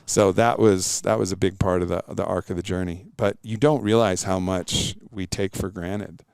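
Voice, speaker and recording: Podcast guest, middle-aged man, smooth and resonant, earnest storyteller. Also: sits low, fairly even intonation, moderate pace, a little mellow, no room sound, studio quality. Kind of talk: casual interview chat.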